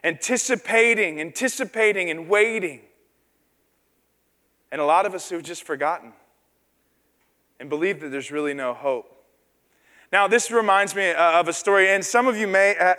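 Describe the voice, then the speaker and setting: High bright-voiced man preaching in a hall. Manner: self-deprecating storytelling, acts out quoted voices. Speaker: pastor. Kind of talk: sermon with personal story. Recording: long reverb of a large hall.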